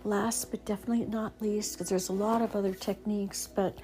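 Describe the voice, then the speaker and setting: A woman gently guiding anxiety-relief exercises, talking slowly with soft pauses and fillers. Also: mid-range voice, little pitch movement, soft background music. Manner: drops to a whisper at times. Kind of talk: calming self-help guidance.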